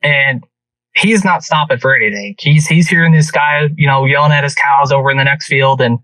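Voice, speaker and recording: A man on a podcast telling a hunting story in an animated, casual way, with many restarts. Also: medium pitch, brisk, dry recording, far from the mic, poor audio. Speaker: podcast guest.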